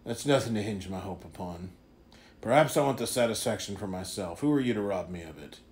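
A man voicing a wary, vengeful male swordsmith who speaks in a gruff, demanding way. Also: on the low side, expressive, a little fast, darkish tone. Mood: defiant.

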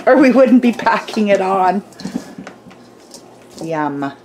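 A woman's voice: medium pitch, animated, slow pace, darkish tone, slight background noise. A woman co-hosting a casual home cooking demo, teasing and chiming in with corrections. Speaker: homestead channel co-host. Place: home kitchen.

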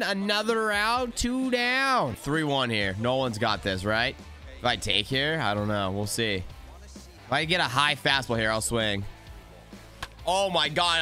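A young man giving excited live commentary while playing a baseball video game, talking to his players on screen. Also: high-pitched. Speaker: gaming YouTuber.

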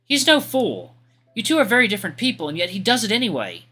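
A man's voice: high voice, wildly swooping pitch, fast, bright, forceful tone, husky, pitched above the performer's own voice, heavily acted. A man voicing a formal, earnest young woman knight with a courteous manner.

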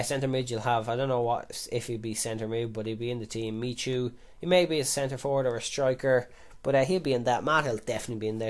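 A young man talks through a football video game as he plays, in an easy, rambling way. His voice sits at an ordinary middle pitch. He curses almost every sentence and breaks into loud excited shouts at big moments. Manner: chatty, swears constantly, bursts into loud excited shouts. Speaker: gaming YouTuber. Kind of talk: live game commentary.

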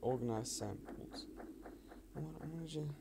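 A man giving casual commentary while playing a game, rambling and muttering to himself, sometimes quiet and sometimes loud. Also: fairly high pitch, moderate pace, creaky. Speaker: gamer with own channel. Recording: loud background noise.

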